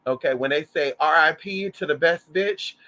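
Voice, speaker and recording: Fairly high-pitched, pushed and bright, a vlogger's voice moves at a moderate pace through a casual livestream chat. He's sassy and flamboyant with viewers, swearing freely and calling them honey.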